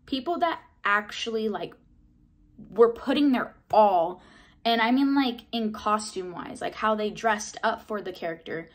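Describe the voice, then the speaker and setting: A young woman in her twenties telling a casual vlog story, chatty, full of "like" and mild swearing, jumping into excited high bursts when she replays her own reactions. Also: measured pace. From Southern California. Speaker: vlogger.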